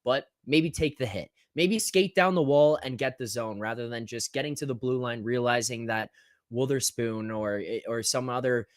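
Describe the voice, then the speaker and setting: A man talking hockey on a podcast as a guest, animated and rambling, swearing freely, with a lot of filler words. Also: mid-range voice, moderate pace, no echo, studio quality. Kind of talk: casual hockey podcast chat.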